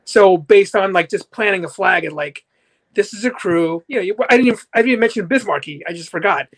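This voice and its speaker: A man with a noticeably high voice chatting on a podcast. He gropes for words as he goes, filling his sentences with "like" and "you know.". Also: fast talker, fairly bright tone. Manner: searching, full of fillers like "like" and "you know". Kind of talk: casual chat.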